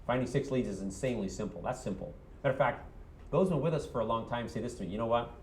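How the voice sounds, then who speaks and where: A man's voice: mid-range voice, very fast, darkish tone, roomy sound, a little hiss or hum. A man coaching a room of real estate agents, punchy and quizzing them with "yes or no?".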